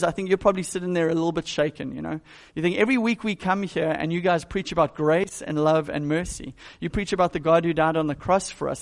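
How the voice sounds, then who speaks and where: A man's voice: on the high side, gravelly. A male pastor giving a conversational, emphatic sermon.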